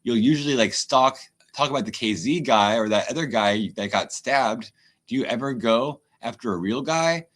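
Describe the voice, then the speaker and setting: A man's voice: mid-range voice, moderate pace. A man ranting and swearing on a livestream, chatting loosely with his viewers. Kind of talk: livestream rant.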